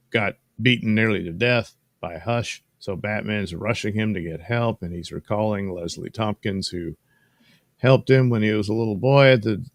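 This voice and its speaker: Casual male comic host, low and gravelly, folksy and rambling, close dry sound. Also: no echo. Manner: rambling, folksy, wry asides. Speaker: comic book reviewer and show host. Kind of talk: casual comic book recap.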